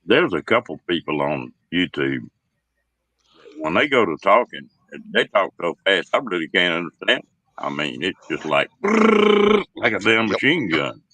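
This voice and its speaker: A deep, low-voiced man chatting slowly and easily on a livestream. His tone is bright and forward, and the sound is dry and close, with no room around it. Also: sing-song, husky, no room sound, rough recording. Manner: slow drawling talk, laughs a lot. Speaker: host. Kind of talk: casual livestream chat.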